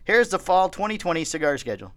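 A man's voice: high-pitched, very animated, quick pace, fairly bright tone. A man co-hosting a podcast, chatting casually and reading out news items with plenty of fillers and restarts. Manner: rambling, reads news items aloud with fillers. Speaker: podcast co-host. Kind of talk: casual chat.

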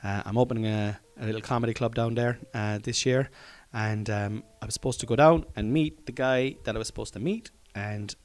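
A man's voice: lowish voice, brisk. A man hosting his own comedy podcast, talking in a rambling, jokey way and swearing casually, recorded in a room at home.

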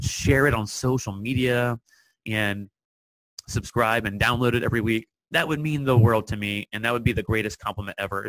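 A man hosting a solo podcast in an earnest, encouraging tone, speaking straight to his listeners and repeating key phrases to drive them home. His voice sits at an ordinary middle pitch. The sound is close and dry, with no room echo. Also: fairly bright tone. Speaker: podcast host.

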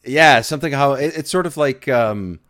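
A man's voice: mid-range voice, normal speed, fairly bright tone. A man guesting on a gaming podcast, chatty and easygoing, laughing often. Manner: chatty, laughs easily, many restarts. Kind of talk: casual gaming chat.

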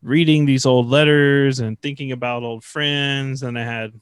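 A man in the middle of his range chats loosely on a podcast, trailing into "like" and "uh" as he tells stories. The recording is dry and close, with no room around him. He sounds relaxed and unscripted. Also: mid-range voice, unhurried, clear, resonant tone, no room sound. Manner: rambling storyteller, many fillers. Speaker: podcast co-host, religious brother. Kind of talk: casual chat.

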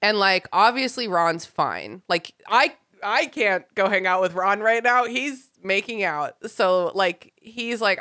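A woman co-hosting a casual podcast chat, animated and laughing often, acting out lines of the people she talks about. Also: medium pitch, a little slow, few pauses, no room sound, clean studio sound. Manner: animated, laughs often, acts out quoted characters. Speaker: podcast co-host.

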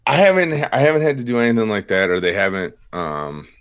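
A man's voice: lowish voice, big pitch swings, brisk, fairly bright tone, muffled recording. A man in his thirties, a veteran guest on an interview podcast, telling his story plainly in a casual, self-deprecating way. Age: 30s.

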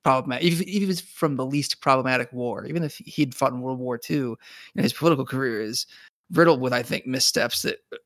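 A man in casual podcast conversation, rambling through his thoughts with plenty of fillers and restarts. His voice sits at a middle pitch. It is recorded dry and close. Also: fast talker, fairly bright tone, no room sound. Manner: rambling, many restarts and "like" fillers, laughs often. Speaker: podcast co-host. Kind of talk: casual recap chat.

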